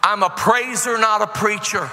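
A fervent male preacher with a high, ringing voice, rising from steady teaching to loud shouted and half-sung praise. His voice carries a long reverb from the church hall around him. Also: moderate pace. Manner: passionate, yells when preaching. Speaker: pastor. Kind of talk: sermon. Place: church sanctuary.

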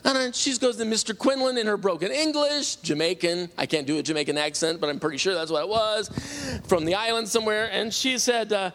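A middle-aged man telling a personal faith testimony, animated and acting out the people he quotes. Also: high voice, normal speed. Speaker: testimony speaker.

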